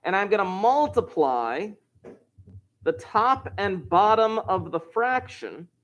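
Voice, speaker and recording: A man's voice: sits high, big pitch swings, takes it slowly, fairly bright tone, highs cut off. A man teaching an online algebra class, explaining steps while joking and chatting with his students. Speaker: math teacher. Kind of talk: live online class lesson.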